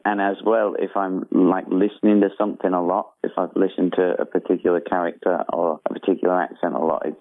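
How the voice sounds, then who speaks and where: A comedian talking casually in an interview about doing accents, relaxed and self-deprecating. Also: male voice, deep voice, dry recording. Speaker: comedian and tattoo artist. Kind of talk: interview answers. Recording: phone-like dry line.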